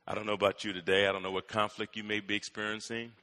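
Emphatic preacher in a ringing hall. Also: male voice, lowish voice, level tone, quick pace, sharp tone. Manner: dramatic storytelling, emphatic. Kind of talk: sermon. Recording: echoey hall.

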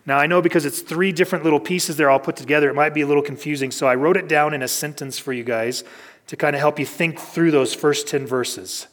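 A man preaching a sermon in a relaxed, conversational teaching style, working through a scripture passage. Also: on the high side, fast. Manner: conversational teaching, reads scripture aloud, varied pacing. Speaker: pastor. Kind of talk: expository sermon.

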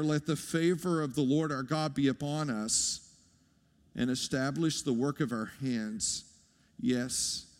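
High, slow-speaking man preaching. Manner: animated, conversational preaching with audience asides. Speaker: pastor. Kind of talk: sermon. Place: church sanctuary. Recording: long hall reverb.

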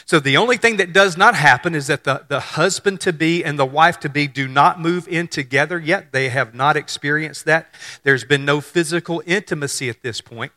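A man's voice: fairly high pitch, sharp tone. A man, preaching a sermon in a conversational way and joking with the congregation. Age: 50s. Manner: conversational, repeats words on restarts, jokes with the congregation. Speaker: pastor.

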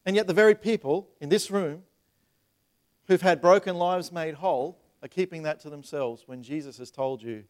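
Animated pastor preaching. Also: male voice, fairly high pitch, moderate pace. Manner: animated, rhetorical questions, repeats words; acts out voices in retold scenes. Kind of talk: sermon.

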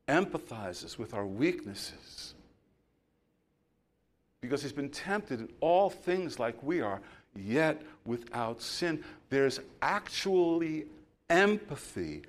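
His voice a little high, a middle-aged male pastor delivers a sermon built around a story, pushing toward loud emphasis and then easing down softly.

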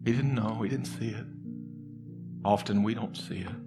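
A man preaching a sermon as a pastor, talking conversationally and earnestly, moving between soft, confiding stretches and loud, emphatic bursts. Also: fairly low pitch, moderate pace. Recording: long reverb in a hall with music underneath.

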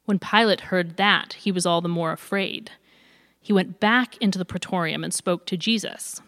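A woman reading a long scripture passage aloud in clear, even narration. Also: fairly low pitch, normal speed. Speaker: scripture reader. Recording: long hall reverb.

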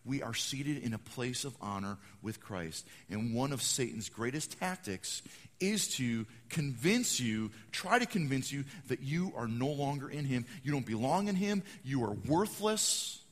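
A man preaching a sermon, acting out quotes and swinging between loud proclamations and hushed asides. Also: medium pitch, expressive, measured pace. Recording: long hall reverb.

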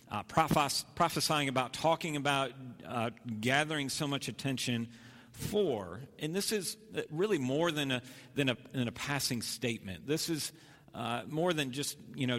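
A male pastor delivering a sermon at a middle pitch. He speaks earnestly, restarting and repeating phrases as he builds his point. His voice rings with a long reverb from a large hall. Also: fairly bright tone.

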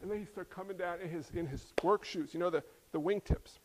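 A middle-aged man preaching a sermon, animated and acting out voices as he tells stories. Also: sits high, fairly quick, a little hiss or hum. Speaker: pastor.

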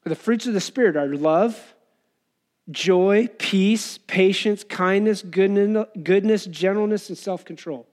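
A man's voice: high voice, slow, darkish tone. A man preaching an earnest, conversational sermon, acting out people's complaints as he goes. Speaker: pastor.

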